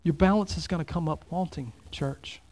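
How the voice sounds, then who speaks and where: A man preaching a sermon as pastor, swinging between loud exclamations and hushed, near-whispered lines. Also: a little high, moderate pace.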